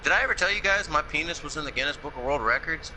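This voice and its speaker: A young man in casual chat with friends, telling crude jokes in a deadpan, profane way. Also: a little high, quick pace, slight background noise, rough recording. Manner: deadpan joke delivery, profane.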